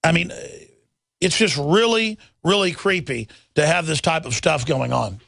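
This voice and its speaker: Middle-aged male talk radio host, gravelly and dry, urgent and emphatic. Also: a little high, a little slow, fairly bright tone, no room sound. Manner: urgent, emphatic, reads headlines aloud. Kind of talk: impassioned talk radio monologue.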